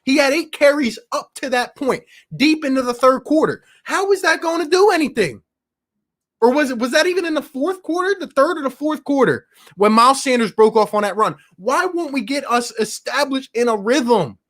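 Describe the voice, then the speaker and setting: A man's voice: very high-pitched, expressive, moderate pace, a bit bright. A man hosting a live post-game sports show, ranting with passion and frustration, reading viewer messages and calling them bro and my guy. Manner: casual slang, calls viewers bro and my guy. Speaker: sports talk show host.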